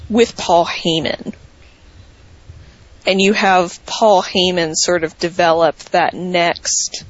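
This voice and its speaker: A woman co-hosting a casual podcast, thoughtful and measured as she says her views. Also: on the low side, dry recording, muffled recording. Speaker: podcast co-host. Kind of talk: casual chat.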